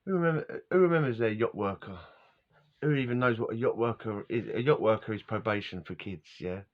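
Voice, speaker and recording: Middle-aged man vlogging, lowish voice, wandering casual chat, muffled lo-fi recording. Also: a little fast. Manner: casual and wandering, laughs often, loses his words. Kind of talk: rambling personal storytelling. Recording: dull lo-fi recording.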